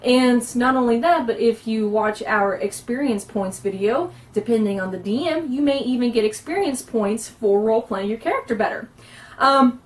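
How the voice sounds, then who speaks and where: A woman gives an earnest lesson on roleplaying, pausing often as she explains. Her voice sits fairly high. The recording sounds distant from the mic. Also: expressive. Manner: earnest, instructive, with frequent pauses. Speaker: roleplaying instructor.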